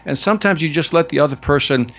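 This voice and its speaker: A male guest sales trainer chatting casually in an interview, relaxed and friendly, dropping "man" and "brother" often. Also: a little high, fast talker, muffled recording.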